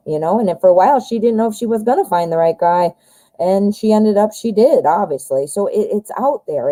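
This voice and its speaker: A woman's voice: mid-range voice, warm tone, no echo, low-quality recording. Chatty woman giving a tarot reading. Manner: chatty, encouraging, upbeat. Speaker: tarot reader. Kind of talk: live-stream tarot reading.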